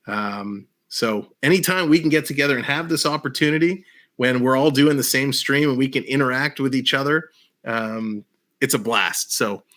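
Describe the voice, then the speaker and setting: A man's voice: medium pitch, moderate pace, fairly bright tone. A man hosting a livestream in casual chat, upbeat and laughing often. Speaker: livestream host.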